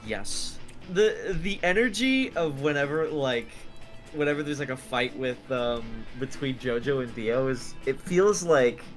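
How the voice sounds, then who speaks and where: A man's voice: medium pitch, expressive, unhurried. Rambling male podcast co-host over music. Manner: rambling, many fillers and restarts, playful. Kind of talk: casual podcast chat.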